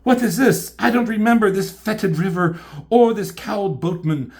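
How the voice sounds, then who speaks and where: A man's voice: high-pitched, normal speed, darkish tone, voice pushed up. A man voicing an overwrought woman warrior in a raised, theatrical, grandiose old-fashioned way. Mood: dramatic. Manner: grandiose archaic delivery.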